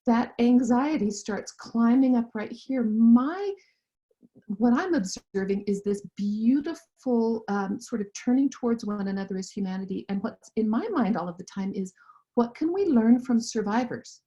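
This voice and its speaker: Woman, interview guest, earnest and impassioned, warm dark tone, muffled lo-fi audio. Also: on the high side, lively intonation, normal speed. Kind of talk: interview conversation. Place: lives in Central Europe.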